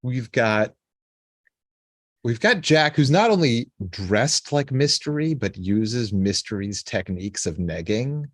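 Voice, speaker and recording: A man's voice: mid-range voice, lively intonation, takes it slowly, no echo, studio quality. A man co-hosting a podcast, chatting and joking enthusiastically while recapping a TV episode. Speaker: podcast co-host. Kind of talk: casual chat recapping a TV episode.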